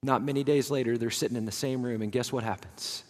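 A man preaching a sermon as dramatic storytelling, moving from hushed, somber lines to fervent, rising passages. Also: medium pitch, steady tone, fast talker, long reverb tail. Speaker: pastor.

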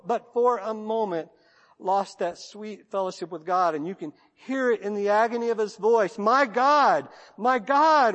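A Texan man preaching a sermon as pastor, in a rhythmic cadence with long lists and soft drops at line ends. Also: high-pitched. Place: church sanctuary. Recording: long church reverb.

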